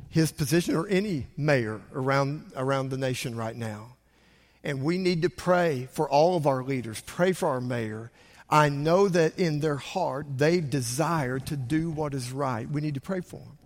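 A man preaching a sermon as pastor, swinging from quiet asides to loud bursts. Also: high-pitched, long reverb tail.

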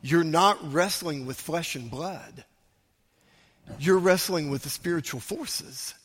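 A man preaching a sermon as a pastor, emphatic, swinging between loud urging and hushed, quiet lines. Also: fairly high pitch, slow, husky, long reverb tail.

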